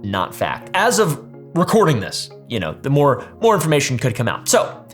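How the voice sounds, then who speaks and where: A man's voice: medium pitch, huge pitch swings, moderate pace, faint music behind. A man hosting a commentary video, telling a story casually with sarcastic asides and swearing. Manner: sarcastic asides, swears, restarts mid-sentence. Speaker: commentary channel host.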